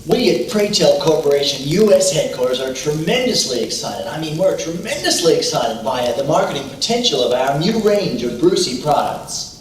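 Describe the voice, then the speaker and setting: An overeager corporate spokesman gushing about new products, as an actor plays him. His voice is a little high and jumps up and down. He sounds far from the mic, in a strongly echoing room. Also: big pitch swings, normal speed, slight background noise. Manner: gushing, stumbling. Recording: echoey, distant from the mic.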